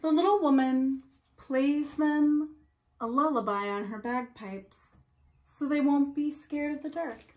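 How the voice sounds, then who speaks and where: A preschool teacher reading a storybook aloud to young children in a slow, expressive, sing-song way. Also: female voice, sits high, poor audio.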